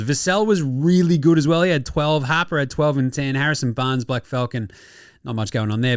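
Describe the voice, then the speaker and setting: A young Australian man hosting a podcast, excitable and slangy, swearing freely in casual sports chat. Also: medium pitch, fairly quick, no echo, clean studio sound. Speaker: podcast host.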